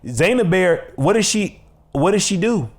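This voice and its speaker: Animated Chicago man joking with a co-host. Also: sits high, unhurried. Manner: animated, laughing, playful banter. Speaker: podcast co-host. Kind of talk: casual comedic chat.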